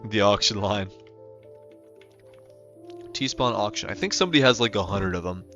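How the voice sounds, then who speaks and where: A man's voice: on the low side, moderate pace, sharp tone. A young man chatting casually on a livestream, rambling with lots of fillers and restarts. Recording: dull lo-fi sound with faint music behind.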